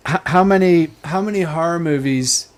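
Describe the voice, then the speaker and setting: A man's voice: on the high side, normal speed. A man hosting a casual panel chat, talking in a rambling, playful way and often cutting himself off. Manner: rambling, self-interrupting, playful. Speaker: panel host.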